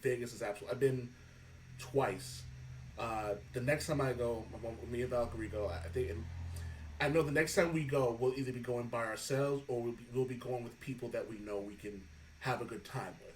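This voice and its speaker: A man hosting a podcast, telling animated stories in casual chat, swearing freely and laughing often. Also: mid-range voice, normal speed, distant mic, slight background noise, low-quality recording. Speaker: podcast host.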